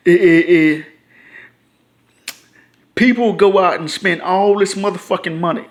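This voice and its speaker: A man's voice: high voice, unhurried, pauses often, a bit bright. A man, ranting casually and profanely to his own video channel, frustrated and repetitive. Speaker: YouTuber.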